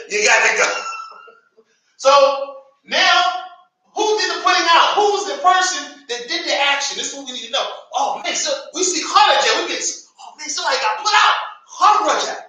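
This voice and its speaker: Brief: lively American male teacher, high bright voice, calls on students, leads repetition; echoey room, distant mic. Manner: animated, calls on students, has the class repeat words. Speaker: Arabic teacher. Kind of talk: classroom grammar lesson. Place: classroom. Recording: echoey classroom, from far off.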